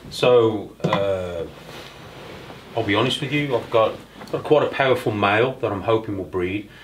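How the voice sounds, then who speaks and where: A man with a fairly low voice, talking haltingly and full of fillers at a casual round table. There is a faint hum of room noise behind him. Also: rough recording. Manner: halting, with many fillers and restarts. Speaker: snake breeder guest.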